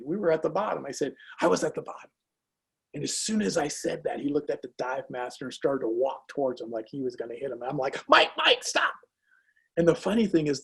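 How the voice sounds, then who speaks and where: A man spins a motivational anecdote and brings each exchange to life as he tells it. His voice sits a little high, with a gravelly, husky edge. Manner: lively, acts out dialogue in anecdotes. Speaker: speaker. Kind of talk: motivational storytelling.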